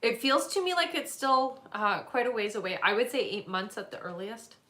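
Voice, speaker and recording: A woman answers questions in a live psychic reading, her voice bright and forward. She speaks gently and reassuringly, pausing with fillers as she picks up impressions. The sound bounces around an echoey room. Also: fairly high pitch. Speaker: psychic reader.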